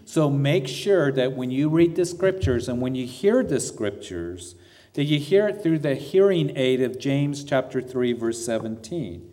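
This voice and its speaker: A man's voice: medium pitch, lively intonation, a little slow, dark tone, big-room sound. A man preaching a sermon as pastor, earnest and asking the congregation rhetorical questions.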